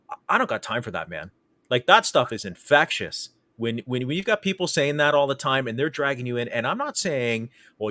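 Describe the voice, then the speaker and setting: A man's voice: medium pitch, sharp tone, dry recording. A man hosting a casual interview podcast, talking emphatically and repeating his points. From Canada. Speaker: podcast host.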